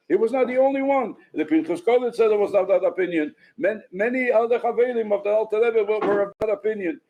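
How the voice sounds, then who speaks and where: A man's voice: sits high, warm tone, highs cut off. A man speaking as a rabbi at a farbrengen, telling stories with frequent restarts. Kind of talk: farbrengen talk. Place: synagogue.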